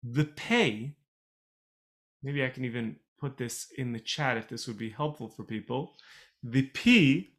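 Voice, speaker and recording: A man's voice: mid-range voice, measured pace, a bit bright. A man teaching Torah in an online class over a video call, explaining in a chatty way and repeating key phrases.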